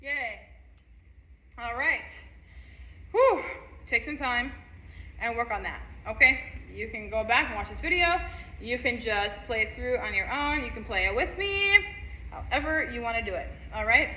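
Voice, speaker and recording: A woman's voice: on the high side, animated, measured pace, bright, forceful tone, a little hiss or hum. A woman teaching a music lesson, counting rhythms aloud and singing passages in an upbeat, encouraging way. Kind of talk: instrument lesson walkthrough. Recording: echoey room, faint ambience.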